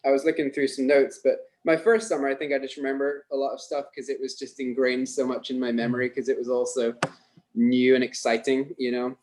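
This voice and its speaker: A man's voice: mid-range voice, a little fast, background noise. A Scottish man in his thirties chatting as a podcast guest. He tells stories at an easy pace and chuckles often. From Scotland. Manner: relaxed, chuckling storyteller. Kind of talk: casual podcast chat.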